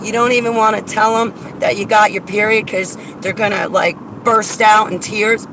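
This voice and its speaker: A woman's voice: mid-range voice, steady tone, moderate pace, hardly any pauses. A woman venting bluntly and argumentatively in a casual vlog. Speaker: vlogger. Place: in and around a car outdoors. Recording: outdoor traffic noise.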